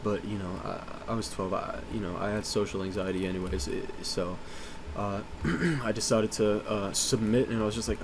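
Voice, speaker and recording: A man's voice: lowish voice, steady tone, moderate pace, noisy background. A man telling a story in a casual, rambling, profane way, full of "uh" and "you know".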